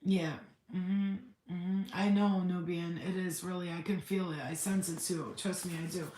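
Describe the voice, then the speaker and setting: Candid low-voiced woman, roomy echo. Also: flat delivery, normal speed, warm tone. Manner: candid, chatty, swears freely, answers viewer comments. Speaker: spiritual livestream host. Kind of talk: casual livestream chat.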